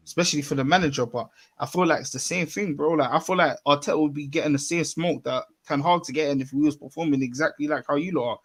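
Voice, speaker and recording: A man's voice: a little high, a bit bright. A man, a guest fan in casual football chat, who keeps checking "do you get what I'm saying".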